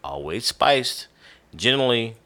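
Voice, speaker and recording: A man co-hosting a casual beer-and-cigar podcast, talking in a relaxed, rambling way with lots of fillers, sounding tired and yawning at times as he reads tasting notes. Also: mid-range voice, measured pace. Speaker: podcast co-host.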